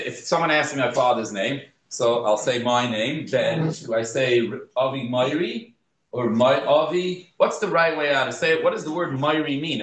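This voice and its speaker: A man's voice: medium pitch, reverberant, low-quality recording. A man teaching a Torah class as a rabbi, talking conversationally, asking rhetorical questions and mixing in Hebrew terms. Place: synagogue room.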